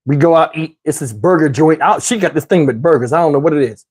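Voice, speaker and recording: A man doing stand-up storytelling, animated and addressing the audience. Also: on the high side, fast, slightly rough. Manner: animated, talks to the audience, mimics voices. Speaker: comedian telling a story.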